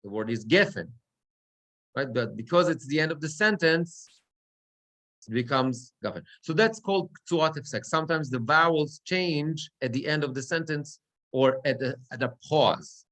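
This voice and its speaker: A man's voice: on the high side, moderate pace, a bit bright. A cantor and rabbi teaching a class on prayer chanting. He explains step by step and often asks "right?" to check that his students follow.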